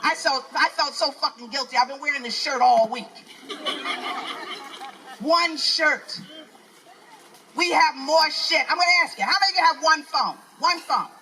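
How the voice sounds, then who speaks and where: A woman's voice: sits high, moderate pace, pauses often, pushed and bright, a little hiss or hum, rough recording. An older woman with a New York accent doing a live stand-up set, ranting in a brash, profane, preachy way. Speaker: stand-up comedian. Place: outdoor festival stage.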